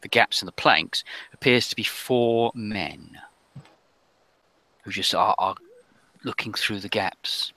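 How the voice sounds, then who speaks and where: A man narrating as game master of a tabletop game, describing scenes hesitantly with many pauses and restarts. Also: lowish voice, bright, forceful tone.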